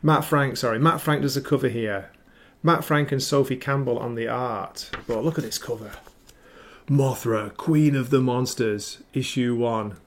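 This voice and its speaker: A man's voice: mid-range voice, a little slow. A man hosting a casual comic book livestream, chatty and enthusiastic, rambling through asides while reading viewer comments. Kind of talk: casual chat. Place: home livestream setup with ring light.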